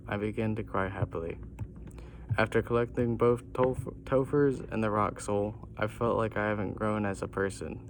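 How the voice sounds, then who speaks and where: Low-voiced man reading a goofy story. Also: steady tone, moderate pace, a little hiss or hum. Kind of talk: reading a comic story aloud.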